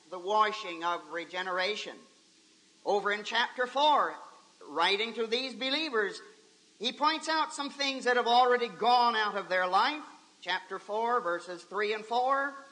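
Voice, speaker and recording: A man's voice: high-pitched, pushed and bright, poor audio. A man preaching a fervent sermon at a camp meeting, crying out praises as he goes. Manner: fervent, exclaiming.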